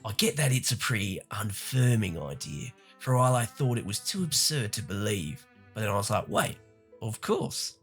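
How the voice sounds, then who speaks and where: A man's voice: on the low side, sing-song, normal speed, slightly rough, faint music behind, heavily acted. A man putting on a solemn philosophizing warrior. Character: gruff male warrior turned rambling philosopher.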